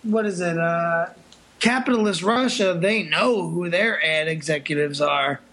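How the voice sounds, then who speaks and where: A man's voice: fairly high pitch, unhurried, sharp tone. A man co-hosting a podcast, tossing in sarcastic quips about a film. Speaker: podcast co-host. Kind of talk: casual chat.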